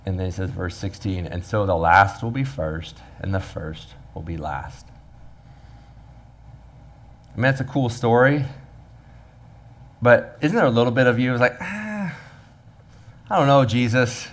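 Pastor preaching with lively humor. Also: male voice, lowish voice, measured pace, pauses often. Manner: animated, acts out the workers' voices with humor. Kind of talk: sermon.

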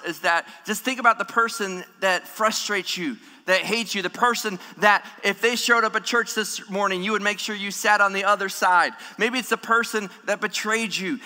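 A man preaching a sermon in a church, animated, acting out the voices of people in the story. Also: high voice. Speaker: pastor. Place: church hall. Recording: long hall reverb.

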